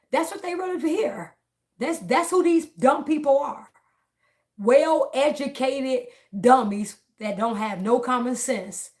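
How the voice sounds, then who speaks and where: A fairly high-voiced woman, speaking straight to her viewers in a casual vlog. She is blunt and defiant and circles back to the same points again and again. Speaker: political vlogger.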